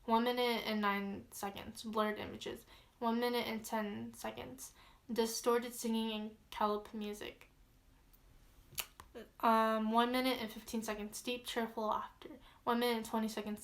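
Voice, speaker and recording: A woman with a slightly raised pitch reads a creepy log aloud in a loose, casual way. She is chatty and easily spooked, and she fills her pauses with ums. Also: level tone. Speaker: vlogger.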